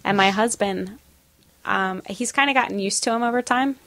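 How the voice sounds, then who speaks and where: A woman co-hosting a podcast, recounting a story in relaxed casual chat with many pauses and ums. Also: medium pitch, no echo. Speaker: podcast co-host.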